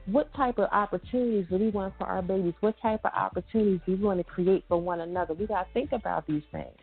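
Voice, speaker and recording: A woman's voice: medium pitch, fast, gravelly, breathy edge. A woman co-hosting a radio talk show, preaching emphatically and repeating her points. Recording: tinny phone-like radio audio with faint music.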